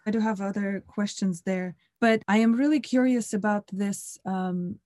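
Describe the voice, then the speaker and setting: A woman interviewer asking a long, curious question with frequent pauses and fillers. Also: mid-range voice, darkish tone, dry recording, clean studio sound.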